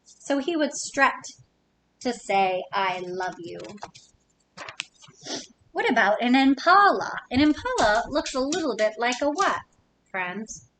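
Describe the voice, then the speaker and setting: A woman reading a picture book aloud to young children, pausing to ask them playful questions. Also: high voice, very animated, a bit bright, slight background noise, poor audio. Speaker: children's story reader.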